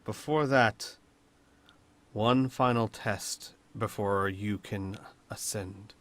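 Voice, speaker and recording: A man voicing a calm, scheming male psychic healer in a tabletop game, measured and soothing. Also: on the low side, pitched below the performer's own voice.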